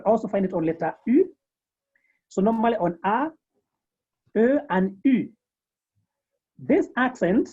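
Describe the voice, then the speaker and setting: A woman teaching a beginners' French class over a video call, slowly repeating each term several times. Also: medium pitch, warm tone, husky, dull audio. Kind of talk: online language lesson.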